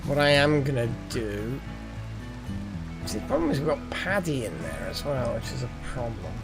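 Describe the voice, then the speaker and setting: A man's voice: mid-range voice, big pitch swings, normal speed, vocal fry, over music. A man streaming a colony-building game live, thinking aloud with muttered asides and wry jokes. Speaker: gaming streamer. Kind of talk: live gameplay commentary.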